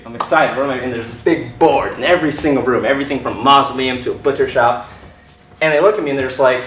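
A man's voice: medium pitch, lively intonation, brisk. A young man telling a comic personal story on stage to a live audience, laughing and self-deprecating. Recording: echoey room from far off, faint noise.

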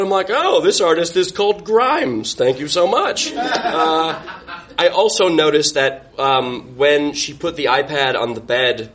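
A man telling a self-deprecating personal story on stage, often laughing as he goes. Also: mid-range voice. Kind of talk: live storytelling, casual.

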